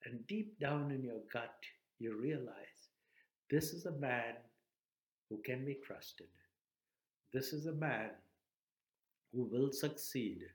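A man preaching a sermon, telling a parable with earnest, dramatic pauses. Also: medium pitch, reverberant, rough recording.

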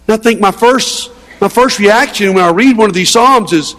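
Male preacher with a very high voice, emphatic sermon delivery and rhetorical questions, recorded with long church reverb. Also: a little fast, a bit bright. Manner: earnest, emphatic, with frequent restarts and rhetorical questions. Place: church sanctuary.

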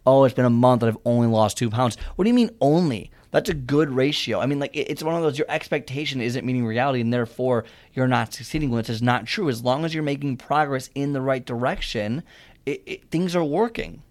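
A man's voice: mid-range voice, a little fast. Young guy rambling on about fitness mindset, keeps restarting sentences, earnest. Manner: rambling, restarts often, earnest advice-giving. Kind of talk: casual motivational monologue.

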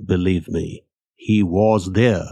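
A man's voice: low-pitched, steady tone, vocal fry, mellow, no echo, exaggerated voice. A man as a shaken man telling a ghost tale. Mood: solemn. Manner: slow, solemn storytelling. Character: shaken man recounting a haunting.

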